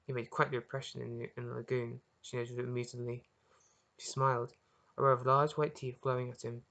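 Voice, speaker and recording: Expressive reader of their own story. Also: medium pitch, vocal fry. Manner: earnest, expressive reading with small restarts. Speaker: author reading own story. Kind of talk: audiobook narration.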